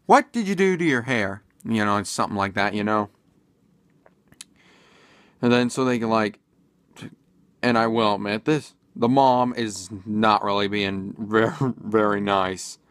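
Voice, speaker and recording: A man's voice: on the low side, steady tone, a little slow, long pauses, a bit bright, clean tone, no echo, studio quality. A man casually commenting in a vlog, rambling and hesitant with many fillers and restarts. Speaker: video commentator.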